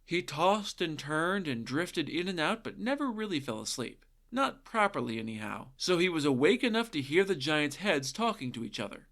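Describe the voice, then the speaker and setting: A man's voice: a little high, sing-song, moderate pace, few pauses, fairly bright tone. A man retelling a folktale as a podcast host, irreverent and sarcastic, often swearing and adding asides. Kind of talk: comedic narration of folktales.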